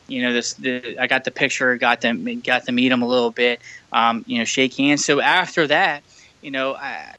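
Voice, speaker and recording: Speaking through a remote call mic, this male podcast co-host wanders through a filler-heavy story in casual conversation. His voice is mid-range with a sharp edge, and the audio is rough but free of echo.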